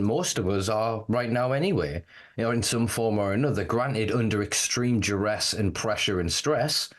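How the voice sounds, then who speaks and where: A man hosting a podcast, talking candidly in a casual, animated way and swearing freely. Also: fairly low pitch. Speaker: podcast host. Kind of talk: casual conversation.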